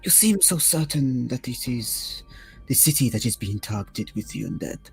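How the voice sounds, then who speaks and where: A man's voice: medium pitch, lively intonation, moderate pace, gravelly, husky, faint music behind, heavily acted. A man voicing a polite, curious cat-folk adventurer with a stereotypical French accent and a purring, cat-like tone, in a tabletop role-play. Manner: formal, inquisitive, purring cat-like tone.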